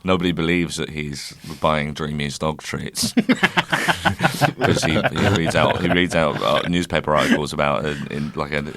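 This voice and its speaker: Very deep-voiced man, rambling and laughing. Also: fairly even intonation, normal speed, a bit bright, dry recording. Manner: rambling, laughs often, jokey digressions. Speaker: podcast co-host. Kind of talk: casual banter podcast.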